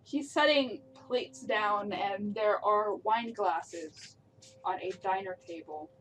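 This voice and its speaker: A woman game master narrating a tabletop game in a slow, deliberate way, with a fairly high voice. She describes each scene step by step. A faint hiss of noise sits behind her. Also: fairly bright tone. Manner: descriptive, laughs with players.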